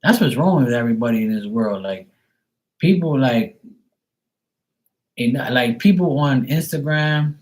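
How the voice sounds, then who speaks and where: A man's voice: medium pitch, expressive, measured pace, long pauses, a little mellow. Profane ranting man on a live stream. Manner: profane, exasperated, blunt. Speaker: tarot reader. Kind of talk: casual live-stream rant.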